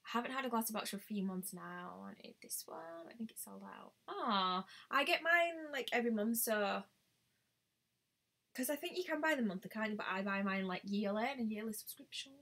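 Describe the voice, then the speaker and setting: Speaking fairly quickly in a bright, pushed, medium-pitched voice, a woman hosts a casual live-stream chat as a beauty vlogger. She's bubbly and welcomes viewers by name, recorded on her home webcam.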